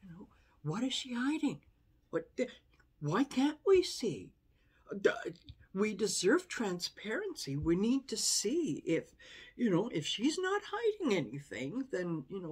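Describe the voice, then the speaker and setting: A woman's voice: mid-range voice, wildly swooping pitch, unhurried, breathy edge. A woman tarot reader giving casual, conversational commentary, with exasperated asides and frequent laughter.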